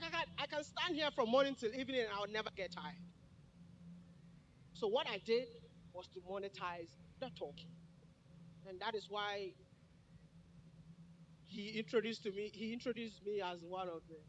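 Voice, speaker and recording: A man's voice: sits high, moderate pace, pauses often, a bit bright, slight background noise. Joking man giving a motivational speech. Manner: joking, addresses the crowd directly. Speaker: speaker at a summit.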